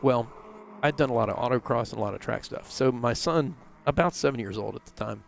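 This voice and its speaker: A man's voice: mid-range voice, brisk, creaky, slight background noise. A middle-aged man telling a rambling story in a casual interview, full of fillers and restarts. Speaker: race team owner, interview guest.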